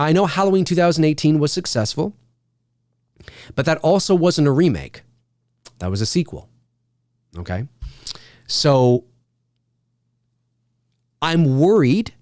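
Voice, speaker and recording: A man hosting a casual live stream chat, talking loosely, swearing and acting out quotes in an animated way. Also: on the high side, unhurried, pauses often, no echo, clean studio sound.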